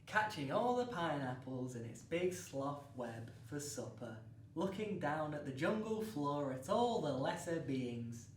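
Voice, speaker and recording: A man's voice: a little high, sing-song, unhurried. A man hosting a comic children's story show, narrating in a cheery, exaggerated storybook way. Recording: roomy, distant mic with faint noise.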